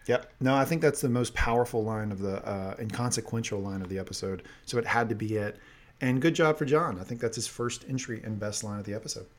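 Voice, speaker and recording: A man's voice: on the low side, a little fast. A man co-hosting a casual podcast and announcing his picks like a host.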